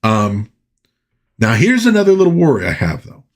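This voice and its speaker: A man's voice: medium pitch, wildly swooping pitch, normal speed. A man hosting a pop culture show, talking in a rambling, folksy way with lots of asides. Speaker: podcast host. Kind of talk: casual pop culture commentary.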